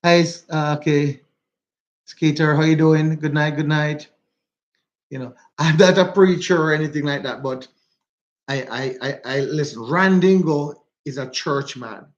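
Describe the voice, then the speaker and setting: A man's voice: a little high, measured pace, lo-fi sound. A man with a Jamaican accent hosting a casual livestream while out walking. He chats, repeats himself and greets viewers by name. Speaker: livestream host. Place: walking outdoors.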